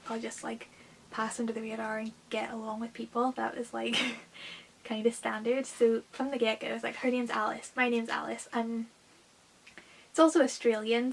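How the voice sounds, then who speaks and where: A woman's voice: on the high side, vocal fry, low-quality recording. A young woman chatting casually about books she read, with lots of filler words. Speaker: book vlogger. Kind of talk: casual book review chat. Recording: faint hiss.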